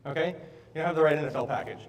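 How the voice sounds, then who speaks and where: A man's voice: on the high side, quick pace, natural voice. Skeptical homeowner, voiced by a man, complaining, far off in a hall. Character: skeptical male homeowner, grumbling. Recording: echoey hall, heard from afar.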